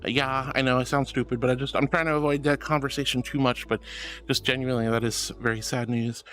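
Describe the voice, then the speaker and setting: A man streaming live, reading chat messages one by one in a gentle, affectionate way, calling viewers sweetie and honey with hesitant fillers. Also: medium pitch, level tone, brisk, faint music behind. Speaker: VTuber streamer. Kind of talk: casual livestream chat reading.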